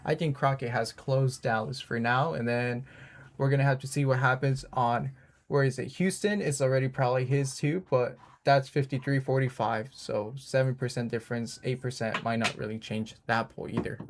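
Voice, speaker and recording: A man's voice: mid-range voice, fairly even intonation, moderate pace. A man with an ordinary mid-range voice hosts a casual live broadcast. He drops teasing jokes in between his comments. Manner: teasing, joking. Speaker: livestream host. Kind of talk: casual live-stream banter.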